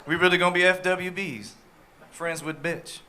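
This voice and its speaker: A man's voice: fairly high pitch, steady tone, normal speed, pushed and bright. A man in his thirties performing a stand-up comedy set on a club stage, punchy, switching into voices for the people he quotes. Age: 30s.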